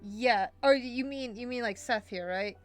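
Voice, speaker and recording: Casual chatty girl streamer, laughs a lot, kinda high voice, soft game music under it. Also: measured pace. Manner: giggly, chatty, reads chat aloud. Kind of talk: casual gaming stream chat.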